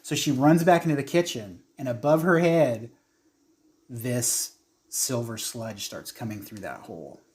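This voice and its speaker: Gm guy slowly telling a creepy scene, um and like a lot, middle pitch. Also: animated, a little mellow. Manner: descriptive, unhurried storytelling with fillers. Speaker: game master. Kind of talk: narrating a tabletop horror game.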